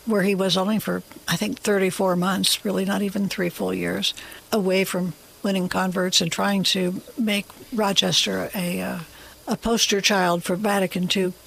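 Gravelly, animated storyteller guest. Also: medium pitch, poor audio. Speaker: author, guest. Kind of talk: storytelling interview.

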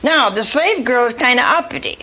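A woman's voice: a little high, animated, a little fast, sharp tone, rough recording. A woman preaching a sermon, retelling scripture with folksy asides and acted-out voices for the congregation.

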